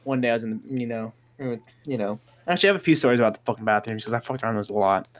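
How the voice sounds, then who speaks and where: A man telling school prank stories in a casual chat, swearing constantly and getting excited as he goes. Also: mid-range voice, very fast. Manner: profane, rowdy, excitable anecdotes.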